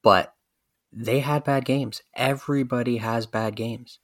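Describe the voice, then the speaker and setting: A man co-hosting a casual sports podcast, thoughtful, with halting starts. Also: mid-range voice, fairly even intonation, no room sound, clean studio sound. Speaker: podcast co-host.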